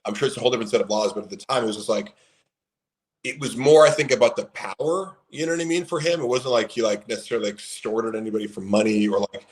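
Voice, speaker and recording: A man's voice: fairly low pitch, fairly even intonation, quick pace, low-quality recording. Rambling man telling a story. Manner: rambling, heavy on fillers, acts out quoted people. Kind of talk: casual storytelling on a live stream.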